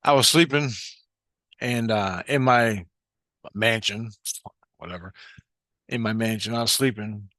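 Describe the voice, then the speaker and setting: A man's voice: fairly low pitch, a little slow, long pauses, fairly bright tone, dry recording. A man telling a rambling personal spiritual story in a casual, profane way, often restarting his sentences. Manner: profane, meandering, with frequent restarts. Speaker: spiritual vlogger.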